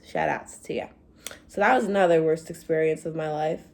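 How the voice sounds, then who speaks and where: Young woman vlogging a storytime, lively, jumps up high for quotes. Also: fairly quick, a crowd in the background. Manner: animated, acts out quotes in higher voices. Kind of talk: casual storytime vlog.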